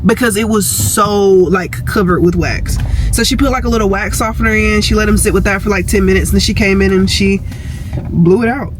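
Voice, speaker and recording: A woman's voice: mid-range voice, a little fast, over music, low-quality recording. A woman talking casually to the camera in a vlog, full of fillers, recorded in a car. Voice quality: chatty, many fillers like "like" and "um". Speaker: vlogger.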